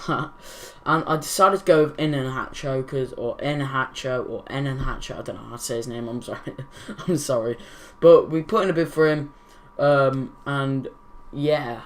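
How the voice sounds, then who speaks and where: A man's voice: mid-range voice, a little hiss or hum. Rambling young man narrating a football game. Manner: rambling, self-correcting, laughs at own slips. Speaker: gaming channel host. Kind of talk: casual video game commentary.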